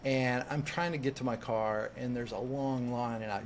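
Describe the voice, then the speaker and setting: A man, a coach and podcast guest, telling a personal story in an animated way, acting out what people said and restarting words as he goes. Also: medium pitch, moderate pace, slight background noise. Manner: lively, acts out quoted voices, restarts words.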